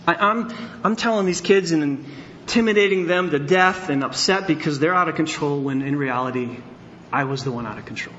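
A man's voice: on the high side, brisk, a bit bright, lo-fi sound, a little hiss or hum. A middle-aged male pastor preaching a sermon in a church, speaking candidly and telling personal stories, at times building to emphatic bursts. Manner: candid, storytelling, rising to emphatic outbursts. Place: church sanctuary.

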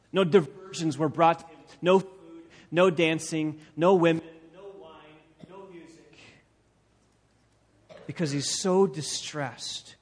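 A male pastor preaching an expository sermon, emphatic and repeating phrases for stress, recorded in a church sanctuary. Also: a little high. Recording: long reverb of a large hall.

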